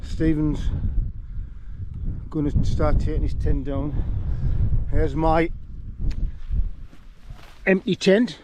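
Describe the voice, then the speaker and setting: A man's voice: on the high side, very slow, long pauses. An older man chatting casually as he films his wild camp, rambling and poking fun at himself. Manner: rambling, self-deprecating, chatty. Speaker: wild camping vlogger. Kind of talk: casual outdoor vlog. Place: windy hillside campsite outdoors. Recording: wind noise outdoors.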